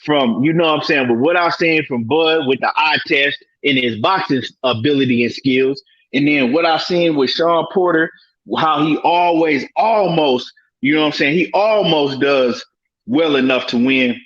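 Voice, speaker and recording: A man on an online panel talks slowly through his view, hesitating and leaning on fillers and slang. His voice is slightly high. The sound is dull and lo-fi, as if over a call. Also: fairly bright tone. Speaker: panel guest. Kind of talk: casual online panel chat.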